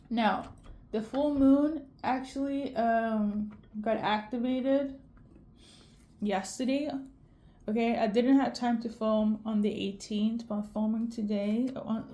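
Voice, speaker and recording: A woman's voice: fairly high pitch, warm tone. A tearful woman giving an intuitive tarot reading to camera, emotional and tagging "okay?" onto her lines. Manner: emotional, repeats "okay?" often. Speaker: tarot reader.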